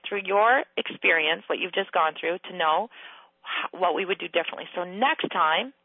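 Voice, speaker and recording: A woman hosting a casual coaching conversation, giving blunt advice, swearing freely and acting out quotes in a high playful voice. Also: normal speed, breathy edge, dry recording. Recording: tinny phone-line sound.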